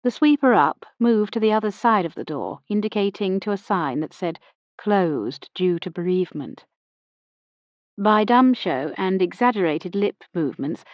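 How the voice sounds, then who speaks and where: A woman reading a first-person mystery novel aloud in a measured, wry storytelling voice. Her pitch sits in the middle, and the recording is dry and a little dull. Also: no room sound. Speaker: audiobook narrator. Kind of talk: first-person audiobook narration of a period mystery.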